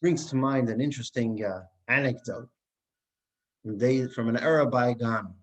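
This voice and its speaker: A man teaching a Torah class who tells a parable in a lively way. He restarts phrases often and uses Hebrew terms. His pitch is mid-range. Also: moderate pace, poor audio.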